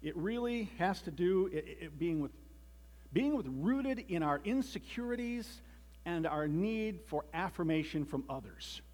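A man's voice: high-pitched, lively intonation, a little slow, darkish tone. A man giving a conversational sermon with joking asides and frequent restarts, reading a children's story aloud as part of it.

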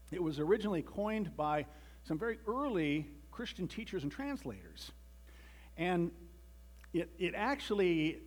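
A man's voice: sits high, a little mellow, breathy edge. A man giving a conversational sermon with joking asides and frequent restarts, reading a children's story aloud as part of it.

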